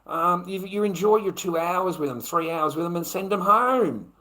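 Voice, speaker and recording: A middle-aged Australian man rambles through a foul-mouthed livestream monologue. His voice sits a little high and comes out bright and forceful, with a crude, meandering delivery peppered with "mate". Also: lively intonation, moderate pace, low-quality recording. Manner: crude, profane, rambling, keeps tagging "mate".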